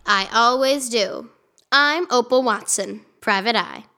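A woman's voice: on the high side, unhurried. A woman voicing a curious, brave eleven-year-old girl detective who talks eagerly to her cat. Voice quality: bright, eager narrating. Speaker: voice actor. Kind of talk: audio drama acting. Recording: background ambience noise.

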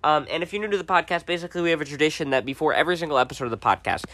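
Deadpan, teasing male podcast host, bright mid voice, dry close mic. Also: on the high side, dry recording. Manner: deadpan, teasing, rambling with fillers, quick asides. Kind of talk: casual podcast banter.

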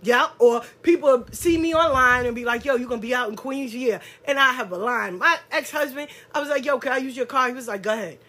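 Husky woman ranting and telling stories, cussing a lot, high voice, laughs loud. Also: fairly quick, few pauses. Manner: animated, profane, loud bursts of laughter. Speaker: spiritual card reader. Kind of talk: casual storytelling monologue.

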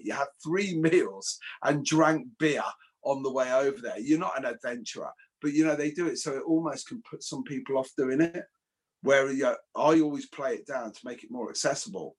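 A man from the English Midlands, a martial arts instructor, telling animated stories in a casual podcast chat with some swearing and repeated words. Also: medium pitch, husky. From England.

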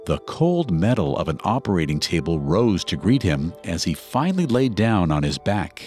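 Man, very low pitch, animated intonation, scripted narration, faint background music. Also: normal speed. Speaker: podcast co-narrator.

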